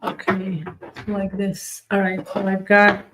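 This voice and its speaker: At her table, a woman streams a live baking tutorial, chatting in a relaxed, unhurried way as she explains each decorating step and replies to viewer comments. Her mid-range voice is monotone with little rise and fall. There's noise in the background.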